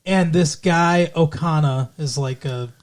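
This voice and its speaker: A man co-hosting a podcast, recapping a TV show in casual chat with animated, profane ranting and lots of fillers. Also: on the high side, measured pace. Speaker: podcast co-host.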